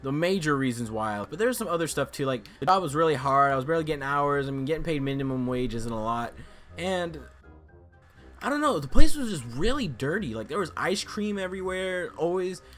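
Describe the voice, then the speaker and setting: A man's voice: on the high side, brisk, soft background music. Rambling young man vlogger. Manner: rambling, animated, acts out quoted voices. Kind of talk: casual storytelling.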